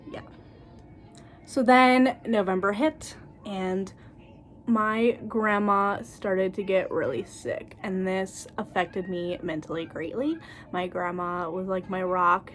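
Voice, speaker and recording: A blunt woman in her twenties, telling stories in a casual, lively vlog. Her voice sits at a middle pitch and she laughs easily between points. A faint background hum runs under her talk. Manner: blunt, animated, laughs often. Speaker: cosmetologist sharing school experiences.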